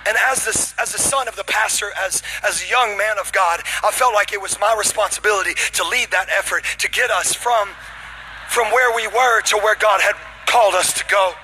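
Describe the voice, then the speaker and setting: A young man preaching a sermon, telling a comic story with shouted punchlines and then dropping to a hushed, intimate tone. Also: high-pitched, moderate pace, slight background noise, rough recording. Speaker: pastor.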